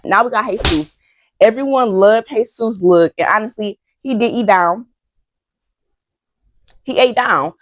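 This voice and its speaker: A woman's voice: mid-range voice, a little slow, pauses often, no echo. Woman, young, chatty recap, gossipy, dry close sound. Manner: chatty and gossipy, addresses viewers as y'all, acts out quotes. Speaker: recap vlogger. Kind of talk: casual reality-TV recap.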